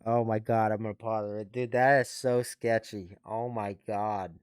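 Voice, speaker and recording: A man streaming a casual reaction, talking bluntly with lots of swearing and halting restarts. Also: fairly low pitch, steady tone, clear, resonant tone, no echo, studio quality.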